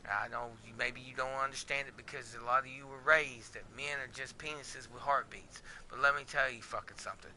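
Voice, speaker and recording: Raw, profane man with a sharp voice. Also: mid-range voice, fairly even intonation, brisk, hardly any pauses, slight background noise. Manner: blunt, profane and emotionally raw. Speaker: podcast host. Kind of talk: candid personal monologue.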